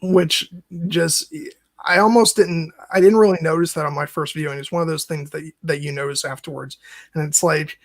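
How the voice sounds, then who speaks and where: A man hosting a film discussion podcast, speaking haltingly with many restarts and occasional chuckles. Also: fairly high pitch, steady tone, no room sound. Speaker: podcast host.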